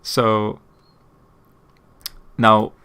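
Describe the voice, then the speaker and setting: A man's voice: lowish voice, completely flat delivery, drawn-out words, pushed and bright, clear, resonant tone. A man hosting a channel, explaining a point in casual commentary, often repeating words and checking in with "okay?". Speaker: apologetics channel host.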